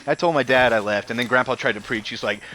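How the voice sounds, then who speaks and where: A man's voice: medium pitch, quick pace. A young man streaming a game, venting a heated, profane story full of fillers like "like" and "I'm like". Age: young adult. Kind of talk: casual venting while gaming. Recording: noisy live stream audio.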